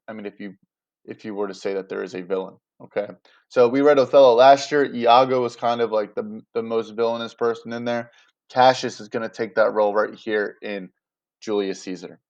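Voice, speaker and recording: Casual and talkative, this male teacher keeps checking in with the class, peppering his speech with "right?" and "you guys." His voice is fairly low with a darkish tone, and the audio sounds dull.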